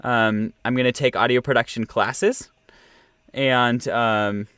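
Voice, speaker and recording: A man's voice: medium pitch, steady tone, fairly bright tone, clear, resonant tone, no room sound, clean studio sound. A young man, an audio producer and director, talking in a casual interview with many fillers and restarts. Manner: halting, many fillers and restarts, laughs often.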